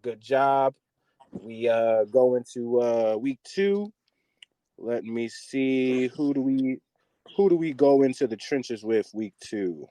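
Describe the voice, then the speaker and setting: Speaking slowly at a medium pitch, a male podcast host from the US West Coast delivers an animated, swear-filled football rant. No room sound can be heard. It's a casual sports podcast conversation.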